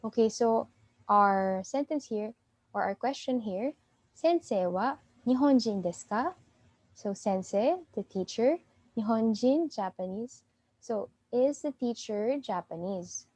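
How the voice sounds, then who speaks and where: A woman's voice: mid-range voice, measured pace, a little mellow. A woman with a Filipino accent teaching a beginner Japanese class online, explaining patiently step by step with many fillers. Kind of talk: online language lesson.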